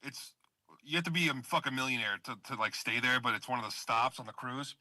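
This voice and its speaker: A man's voice: mid-range voice, brisk, sharp tone, no room sound. A man in his late thirties telling self-deprecating stories in casual podcast chat, swearing casually. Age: 30s.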